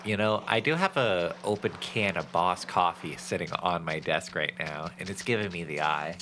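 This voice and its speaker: A young man chatting casually while streaming a game, laid-back and joking, getting excitable. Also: low voice, moderate pace, a little hiss or hum.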